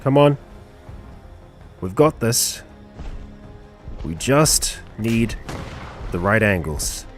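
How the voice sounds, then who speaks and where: A man's voice: fairly low pitch, big pitch swings, extremely slow, pauses often, faint music behind. A man streaming a game live, commentating and cheering on his companion.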